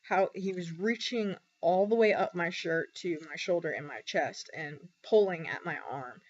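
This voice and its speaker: A young woman talking candidly in a personal vlog, halting often with ums and pauses. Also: fairly low pitch, slight background noise. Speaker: vlogger. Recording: dull lo-fi recording.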